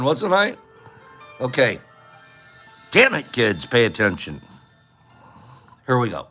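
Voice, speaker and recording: A man's voice: mid-range voice, wildly swooping pitch, slow, long pauses, sharp tone, soft background music. A man hosting a live stream in a casual, playful way, greeting viewers by name and teasing them. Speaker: livestream host.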